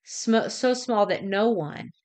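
A middle-aged woman hosting a devotional, reading in a measured, deliberate way and sometimes correcting herself. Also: mid-range voice, lively intonation, a little mellow. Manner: measured, deliberate delivery with occasional self-corrections. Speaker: devotional host.

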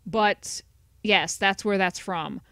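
A woman's voice: medium pitch, slow, creaky, bright, forceful tone, dry recording, studio quality. A woman giving casual, chatty commentary over a video game playthrough, sarcastic and swearing freely. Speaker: let's play commentator. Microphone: desk USB headset mic.

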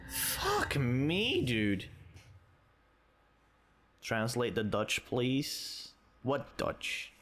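Male let's-player, lively pitch, slow drawl, swears at enemies, game noise behind. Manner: swearing, exasperated, talks to enemies. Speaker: let's play gamer. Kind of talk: casual gameplay commentary.

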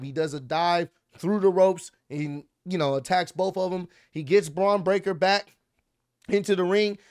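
Excitable young man recapping wrestling. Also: sits high, smooth, dry recording, studio quality. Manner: excitable, animated play-by-play with swearing and slang.

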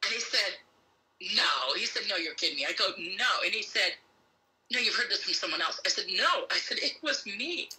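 A woman's voice: medium pitch, lively intonation, normal speed, bright, forceful tone, poor audio. A woman as an interview guest, telling a story animatedly and acting out both sides of a conversation.

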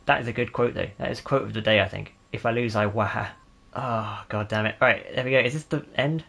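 A man's voice: medium pitch, fast, gravelly, a bit bright. A man giving sarcastic, jokey commentary while playing a video game, talking to himself and his viewers. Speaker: gaming YouTuber. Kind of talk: casual gameplay commentary.

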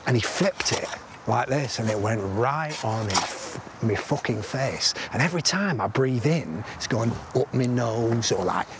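A man's voice: mid-range voice, animated, unhurried, heavy background noise. An actor playing a blunt, middle-aged army veteran who swears constantly and rambles through grim stories, asking "right?" as he goes. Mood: grim storytelling. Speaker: soldier telling a war story. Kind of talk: film drama acting.

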